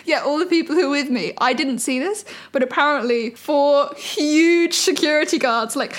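A woman's voice: sits high, moderate pace. A young woman co-hosting a casual chat, telling rambling stories with frequent giggles. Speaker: co-host.

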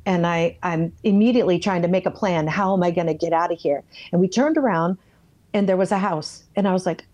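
A woman's voice: lowish voice, fairly quick, dark tone. A woman in an interview telling her own life story with candor, plain-spoken and blunt, acting out her past thoughts as she goes. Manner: blunt, plain-spoken, self-censors swearing. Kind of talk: candid personal testimony.

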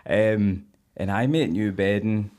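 Low-voiced Scottish man, candid. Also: slow, a little mellow. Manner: candid, earthy, peppers speech with "mate". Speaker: podcast guest. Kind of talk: casual storytelling chat.

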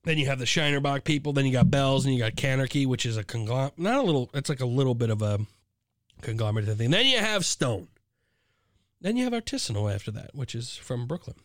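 Animated, ranting male beer podcaster. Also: mid-range voice, quick pace, dry recording. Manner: profane, ranting, heated outbursts. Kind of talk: casual beer review podcast.

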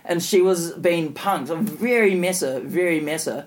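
A man's voice: fairly high pitch, unhurried. Rambling man recapping a show. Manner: rambling, filler-heavy recapping. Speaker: podcast co-host. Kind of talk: casual chat.

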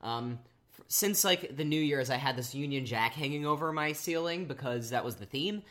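A man's voice: mid-range voice, moderate pace, a bit bright. A man co-hosting a podcast in casual chat, with loose talk full of fillers. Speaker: podcast co-host.

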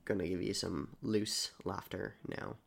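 A voice actor recording effort noises and loose laughter, drawn out and gravelly. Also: low voice, fairly even intonation, measured pace.

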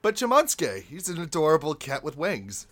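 A man co-hosting a casual podcast, animated and joking as he shares trivia. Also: on the high side, normal speed. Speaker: podcast co-host. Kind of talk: casual chat about anime.

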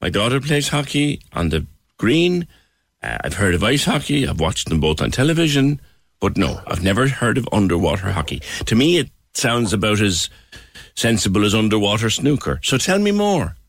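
A man's voice: lowish voice, very animated, normal speed, gravelly, no echo, studio quality. A man hosting a radio talk show, wry and conversational as he talks with guests.

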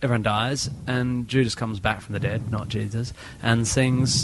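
A man's voice: medium pitch, fairly even intonation, normal speed, hardly any pauses, noisy background. A man, a podcast guest, talking casually and animatedly with many restarts and fillers.

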